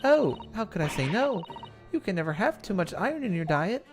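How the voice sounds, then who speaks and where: A man voicing a polite, gently playful young woman assistant in a game. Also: high-pitched, sing-song, fairly quick, soft background music, pitched above the performer's own voice.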